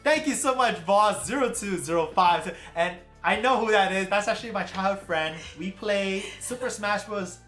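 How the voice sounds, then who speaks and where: A man hosts a relaxed livestream, reading viewer comments aloud and thanking people by name, laughing often as he goes. His voice sits in a roomy space with faint music playing underneath. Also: high voice, moderate pace, hardly any pauses. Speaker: livestream host. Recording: roomy with stream music behind.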